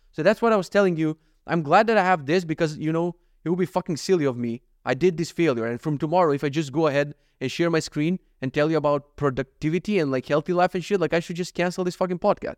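A young man hosts a podcast, speaking close to the mic in a rambling, profane, confessional monologue that's candid and self-critical. His voice sits a little high, with no echo.

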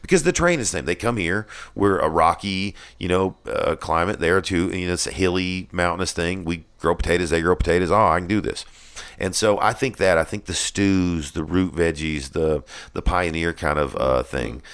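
A man with an extremely low, rumbling voice talks casually. He rambles with many ums and restarts and swears freely as he chats. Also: moderate pace, few pauses, a bit bright, clean tone. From Tennessee. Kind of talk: casual chat.

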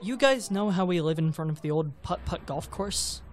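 An actor playing a jumpy, excitable teenage boy who talks casually. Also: high voice, moderate pace, a little hiss or hum. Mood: eerie telling. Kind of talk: audio drama acting.

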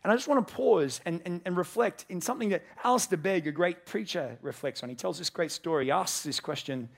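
Earnest pastor preaching. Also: male voice, high voice, brisk, gravelly. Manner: earnest, acts out the characters in his story. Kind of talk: sermon. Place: church service with a congregation.

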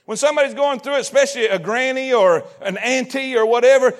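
A man preaching a sermon in a church, animated, repeating lines, shouting at times and asking the congregation questions. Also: very high voice, fast talker. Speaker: pastor. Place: church sanctuary.

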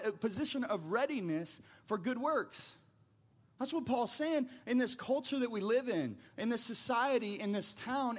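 A man's voice: extremely high pitch, breathy edge. A man preaching a sermon as pastor, telling stories in a casual, conversational way with frequent restarts.

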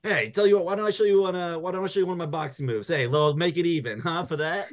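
A man playing a pushy but friendly court-ordered boxer in an improvised comedy scene, chummy and fast to egg others on. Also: a little high, natural voice. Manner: chummy, pushy, talks over himself. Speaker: improv guest.

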